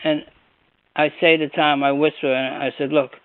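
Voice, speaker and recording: Animated man on a phone call. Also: on the high side, moderate pace, no echo. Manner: animated, repeats words, laughs while telling. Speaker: former coach on a reunion call. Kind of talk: casual storytelling. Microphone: telephone. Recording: phone-line conference call, dry.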